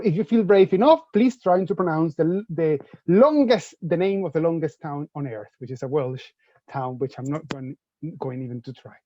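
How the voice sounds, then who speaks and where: A man with a Venezuelan Spanish accent talks with lively enthusiasm, often restarting and repeating his words. His voice sits fairly high yet sounds mellow and dark. The sound is dry and a little muffled, like lo-fi online call audio. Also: dry recording. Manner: animated, repeats words as he goes. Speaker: presenter for UK universities. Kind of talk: enthusiastic info-session talk.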